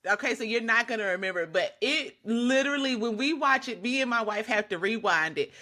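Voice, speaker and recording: A woman co-hosting a casual podcast, her voice bright and sharp and sitting somewhat high. She chats in a laid-back way with easy laughing asides. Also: animated, brisk. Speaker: podcast co-host. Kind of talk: casual chat.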